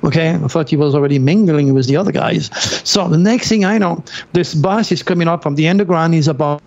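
Man, middle-aged, excitable storyteller, slightly high voice, muffled lo-fi sound. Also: fairly quick, vocal fry. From France. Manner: excitable, dramatic, slips in grammar. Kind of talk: animated personal storytelling. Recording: dull lo-fi recording.

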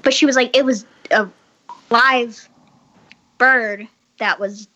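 A woman's voice: on the high side, steady tone, takes it slowly, pushed and bright, lo-fi sound. A woman telling a story in casual chat over a video call, rambling and full of likes and restarts. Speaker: podcast guest telling a story.

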